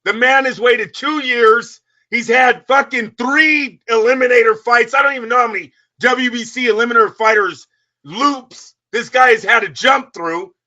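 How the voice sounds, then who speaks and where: A very high-pitched man with a sharp, intensely bright tone holds the floor on a boxing talk show. He rants loudly and swears freely, firing off heated questions at his co-host and listeners. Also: moderate pace, dull audio. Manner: loud, profane, ranting. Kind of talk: heated sports talk rant.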